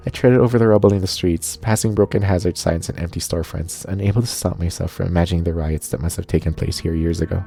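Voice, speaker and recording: Low, mellow-toned male streamer narrating a game, soft music bed. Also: quick pace, gravelly, few pauses. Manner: steady narration, cursing asides. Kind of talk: reading a visual novel aloud.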